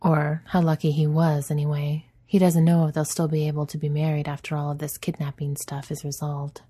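A woman narrating a story in a soft, even storytelling manner. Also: low-pitched, brisk. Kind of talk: audiobook narration.

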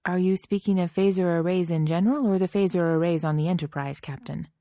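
Spock, a woman doing a deadpan alien officer. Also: on the low side, fast talker, dry recording, studio quality, close to an everyday voice. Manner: deadpan, precise, emotionless. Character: stiff, formal male alien science officer.

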